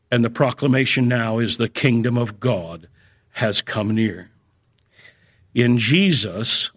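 A man preaching from the pulpit at a medium pitch. He talks in a measured, teaching way and leans on key phrases by slowing down and lifting his voice. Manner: measured, emphatic on key phrases, slows for stress. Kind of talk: sermon.

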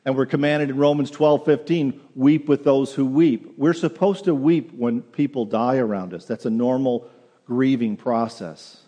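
A man's voice: medium pitch, moderate pace, dark tone, dull audio. A male pastor preaching a sermon in earnest, often repeating words as he restarts a phrase, in a church sanctuary. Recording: long hall reverb.

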